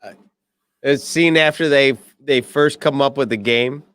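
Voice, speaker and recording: A man's voice: medium pitch, unhurried, fairly bright tone, clear, resonant tone. A middle-aged man co-hosting a podcast, chatting casually, swearing freely and acting out movie quotes. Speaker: podcast co-host. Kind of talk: casual chat.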